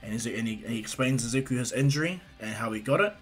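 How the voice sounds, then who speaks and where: A man's voice: mid-range voice, animated, fast, soft background music. A man casually retelling a fan story, rambling with fillers and restarts.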